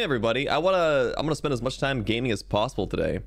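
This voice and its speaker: A young man streaming a game, talking to his chat in a goofy, rambling way. His pitch leaps around a lot as he jokes and complains. Faint music plays underneath. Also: lively intonation, fast, creaky.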